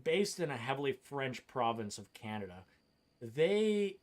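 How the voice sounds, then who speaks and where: A man's voice: medium pitch, sing-song, a little slow. Profane, opinionated gaming streamer man. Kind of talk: casual gameplay commentary.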